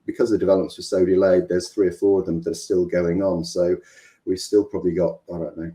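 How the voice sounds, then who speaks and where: Male, middle-aged, Mancunian, deep voice, warm tone, hesitant interview guest. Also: flat delivery, quick pace. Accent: Mancunian English. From England. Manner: rambling, hesitant, many ums and restarts. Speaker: business coach, guest. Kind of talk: interview conversation.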